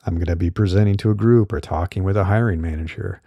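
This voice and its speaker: A middle-aged man hosting a podcast, talking casually and relaxed, with fillers, on a studio condenser mic. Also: deep voice, quick pace, gravelly, no room sound, muffled recording. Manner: relaxed, chatty, with fillers and laughs. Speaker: podcast host. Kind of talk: casual solo podcast talk.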